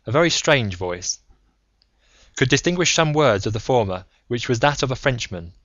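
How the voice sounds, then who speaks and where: Male audiobook narrator, measured reading, dry close sound, slightly dull lo-fi audio. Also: medium pitch, animated, a bit bright, dry recording. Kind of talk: scripted narration. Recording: slightly muffled lo-fi recording.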